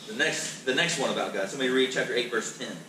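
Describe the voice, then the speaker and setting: Male pastor, mid-pitched, casual and emphatic teaching; distant mic in an echoey, noisy room. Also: fast talker. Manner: conversational, emphatic, repeats words as he restarts. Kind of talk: Bible class teaching.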